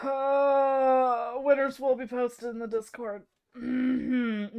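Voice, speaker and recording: A woman streaming live from home, talking with her chat in a relaxed, unhurried way. Her voice sits high. She is wry and self-mocking and slips into laughter often. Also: clean tone.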